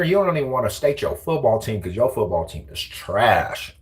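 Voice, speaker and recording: A man's voice: medium pitch, sing-song, moderate pace. A young man trash-talking viewers on a casual livestream from a car, taunting and slangy.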